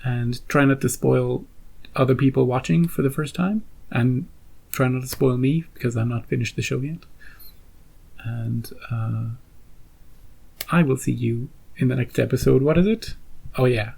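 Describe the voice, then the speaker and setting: A man's voice: medium pitch, moderate pace, vocal fry, a little mellow, husky, rough recording. A man hosting a reaction channel, chatting casually to his viewers in a rambling way and often repeating himself. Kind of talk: casual chat to camera.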